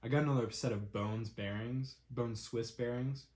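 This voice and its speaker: A man's voice: medium pitch, steady tone, normal speed, darkish tone. A young man hosting his own podcast in casual solo chat, rambling with lots of "um"s and a stuffy nose. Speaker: podcast host.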